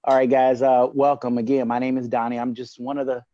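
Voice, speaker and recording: Measured man speaking on a video call. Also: medium pitch, dry recording, muffled recording. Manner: relaxed, measured, hesitant with fillers. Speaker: co-host and group leader. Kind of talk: personal background talk on a call. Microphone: computer mic on a video call.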